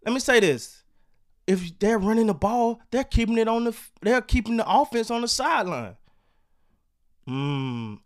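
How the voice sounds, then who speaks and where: A man ranting casually about football and basketball, animated, swearing and repeating himself. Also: sits high, normal speed. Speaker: sports commentator. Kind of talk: casual sports rant.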